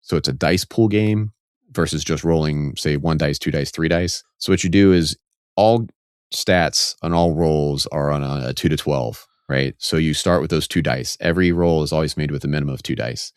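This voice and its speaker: A man's voice: extremely low pitch, normal speed, clear, resonant tone, no room sound, studio quality. A man co-hosting a casual podcast, explaining game rules step by step with enthusiasm. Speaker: podcast co-host.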